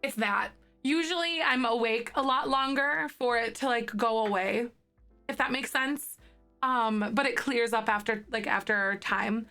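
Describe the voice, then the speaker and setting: A woman in her thirties chatting with live viewers in a bubbly, rambling, giggly way. Her voice is slightly hoarse from morning throat. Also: fairly high pitch, a little slow, pushed and bright, soft background music. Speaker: livestreamer. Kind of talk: casual chat with live viewers.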